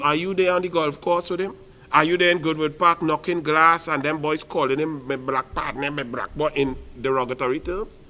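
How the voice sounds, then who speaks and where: A man's voice: fairly high pitch, pushed and bright. A man with a Trinidadian accent giving impassioned political commentary, rhetorical and repetitive, driving each phrase home. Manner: fiery, rhetorical, repeats phrases with punch.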